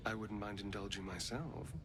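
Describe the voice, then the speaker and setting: A man's voice: lowish voice, fairly even intonation, normal speed, noisy background, natural voice. A male actor playing a sly, flirtatious vampire elf in a video game, with a teasing manner.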